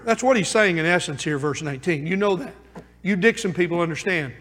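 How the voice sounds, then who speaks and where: A man preaching a sermon as pastor, moving between hushed asides and emphatic calls. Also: high-pitched, expressive, fairly quick. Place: church sanctuary. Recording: long church reverb.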